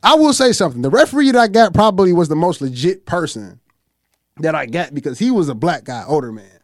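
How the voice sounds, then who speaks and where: A man, host of a chat show, telling a long story in a profane, animated way and acting out what others said. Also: fairly high pitch, fast, dry recording, studio quality. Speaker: podcast host.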